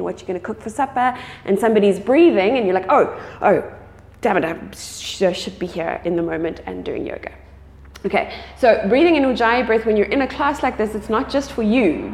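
A woman's voice: medium pitch, a little mellow. A woman teaching a live yoga class, guiding students and checking in with frequent "okay"s. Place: yoga studio. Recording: echoey studio with long reverb.

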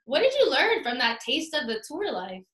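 A woman's voice: sits high, very animated, moderate pace, a bit bright. A woman hosting an interview, asking upbeat, encouraging questions in casual chat. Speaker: interview host. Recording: echoey room.

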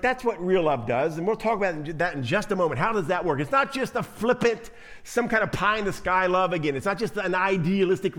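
Lively, animated man preaching. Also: high-pitched. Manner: animated preaching, acts out quoted voices, frequent repetitions. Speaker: pastor. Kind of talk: sermon.

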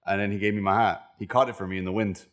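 A man's voice: fairly low pitch, rapid-fire. Young Miami man, joking podcast banter. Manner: animated, joking, swearing. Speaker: podcast co-host. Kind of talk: casual chat.

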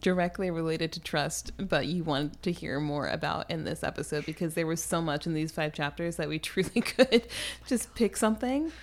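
A woman co-hosting a podcast in a casual book discussion, animated, laughing often and acting out quoted lines. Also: sits low, normal speed. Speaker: podcast co-host.

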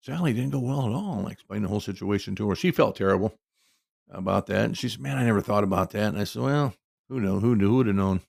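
A man's voice: lowish voice, fast, gravelly, darkish tone, no echo, studio quality. A middle-aged man telling a casual personal anecdote in a rambling, folksy way with lots of asides. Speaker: storyteller.

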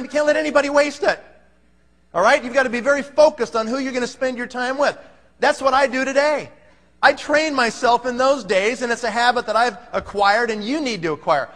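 A man's voice: sits high, fairly bright tone. A man giving an emphatic, pumped-up motivational talk to a live audience, firing off rhetorical questions. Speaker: motivational speaker. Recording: long hall reverb.

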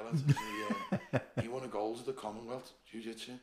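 A man's voice: medium pitch, wildly swooping pitch, fairly quick, echoey room, over a noisy crowd. A man with a Liverpool accent, a former doorman, telling stories in casual chat, swearing and laughing as he goes. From Liverpool, England. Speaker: podcast guest, former doorman.

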